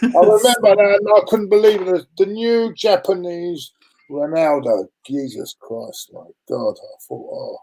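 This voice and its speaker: A man with a mellow, relaxed tone chats about football. He is an animated storyteller who mimics fans and keeps breaking into exclamations. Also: high voice, a little slow, low-quality recording. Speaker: guest on a live chat show. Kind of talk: casual football chat.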